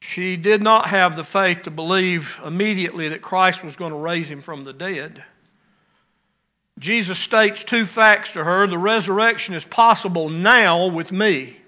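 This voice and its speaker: A man preaching a sermon, rising to emphatic lines and dropping to quiet ones. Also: high-pitched, measured pace.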